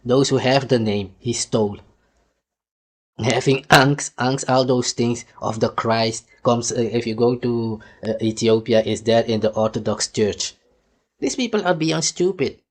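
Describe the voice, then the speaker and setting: A man's voice: medium pitch, a little slow. A man giving ranting video commentary on a clip, mocking and scornful, laughing between his jabs.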